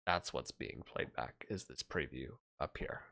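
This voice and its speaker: A man's voice: very deep voice, a little slow, vocal fry, fairly bright tone. A man chatting casually on his livestream, mumbling and thinking aloud as he fixes his audio at a desk microphone.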